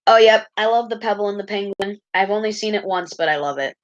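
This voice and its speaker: A woman's voice: medium pitch, fast talker, highs cut off. A young woman chatting casually and rambling while she draws a comic. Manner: rambling, chatty, self-deprecating. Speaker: artist vlogger. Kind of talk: casual chat while drawing.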